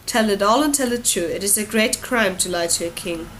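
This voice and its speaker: Woman doing a gruff, weary king. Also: medium pitch, brisk, fairly bright tone, close to an everyday voice, low-quality recording. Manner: blustering and impatient.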